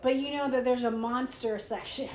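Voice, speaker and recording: A woman chatting casually about a movie, full of "like" and quick to argue her point. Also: a little high, fairly even intonation, darkish tone. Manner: chatty, lots of "like", argumentative. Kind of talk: casual movie commentary chat. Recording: roomy room with faint noise.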